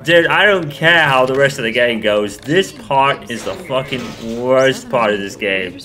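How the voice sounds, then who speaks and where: A man's voice: medium pitch, unhurried, sharp tone. A young man giving live commentary over a co-op zombie game, exasperated and swearing often. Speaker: gaming channel host.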